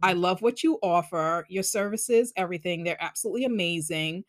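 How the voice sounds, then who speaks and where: A woman's voice: fairly low pitch, brisk, no echo, clean studio sound. A woman with a Long Island accent hosting a podcast in an upbeat, chatty way. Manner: bubbly, enthusiastic, chatty. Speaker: podcast host. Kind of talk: casual podcast chat.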